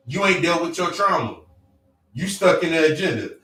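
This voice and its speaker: A self-help speaker with a fairly high, animated, sharp-toned voice delivers a blunt, profane motivational monologue at a moderate pace, hammering points with repeated phrases in a preaching cadence. The room is echoey, the mic distant, and faint music plays.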